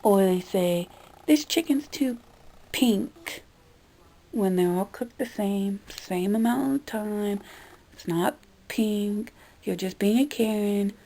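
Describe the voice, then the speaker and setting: Speaking slowly in a dark-toned, mid-range voice, a young woman rants casually for her vlog, captured on a low-quality recording. She sounds fed up, swears, and occasionally does quoted impressions of customers.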